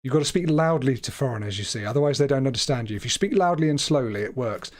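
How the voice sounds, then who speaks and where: A man's voice: medium pitch, animated, quick pace, few pauses, darkish tone. A British man giving casual, self-deprecating livestream commentary on a game while laughing often. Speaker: streamer.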